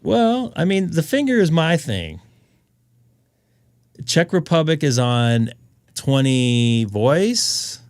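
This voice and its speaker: Lively, rambling ham radio streamer. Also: male voice, a little high, takes it slowly, long pauses, no echo, studio quality. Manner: rambling and jokey, laughs often. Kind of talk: casual chat on a live stream.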